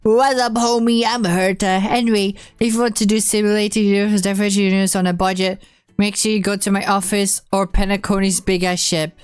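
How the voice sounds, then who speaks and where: A woman's voice: medium pitch, level tone, brisk, smooth, no echo, close to an everyday voice. A woman reading the lines of an arrogant, smug genius woman in a haughty, matter-of-fact way. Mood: salesy.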